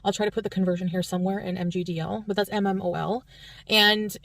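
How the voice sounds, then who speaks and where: Canadian woman vlogger rambling thru a story, talks fast, sounds a bit far off the mic. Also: mid-range voice, fairly even intonation, creaky, a bit bright, no room sound. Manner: rambling, chatty recounting. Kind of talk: storytelling vlog.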